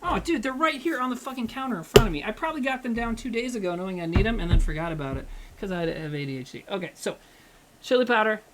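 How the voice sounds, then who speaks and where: A man's voice: high-pitched, lively intonation, quick pace, background noise. Rambling, foul-mouthed man cooking on stream. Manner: rambling, profane, self-mocking banter with chat. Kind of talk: casual livestream chat while cooking.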